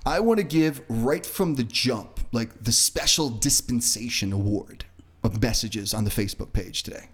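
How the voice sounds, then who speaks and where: A man's voice: mid-range voice, moderate pace, husky. A man co-hosting a podcast in casual chat, joking around and reading out listener comments. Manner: jokey, animated, reads listener comments. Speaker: podcast co-host.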